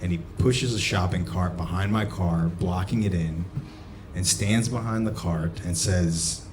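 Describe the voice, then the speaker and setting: A man performing a stand-up comedy set, telling a story and breaking into sudden shouts. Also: sits low, measured pace, noisy background. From United States. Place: comedy club stage. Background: audience laughter.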